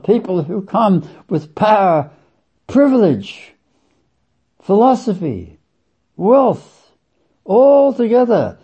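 A man preaching a sermon, emphatic and deliberate, stretching key words and swinging his voice up for stress. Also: big pitch swings, husky. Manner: emphatic, sweeping swings in pitch and loudness; slow, deliberate, drawn-out phrasing. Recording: dull lo-fi recording.

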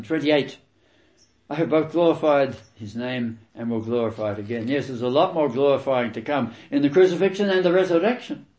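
A man preaching through scripture, reading verses and commenting on them with emphatic, repeated key words and sudden loud stresses. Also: mid-range voice, echoey room.

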